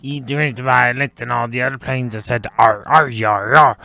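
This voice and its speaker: A man's voice: mid-range voice, steady tone, normal speed, creaky, bright, forceful tone, dry recording. A man voicing a boisterous male pirate in a game commentary, growling pirate calls and telling rambling tales, his throat getting scratchy. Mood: storytelling. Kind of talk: gameplay commentary.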